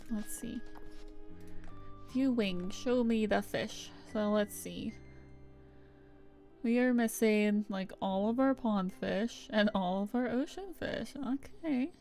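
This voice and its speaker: A woman's voice: fairly high pitch, slow, pauses often, a little mellow, soft background music. Chatty young woman streaming a game. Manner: rambling, chatty, heavy use of "like". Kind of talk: casual gameplay commentary.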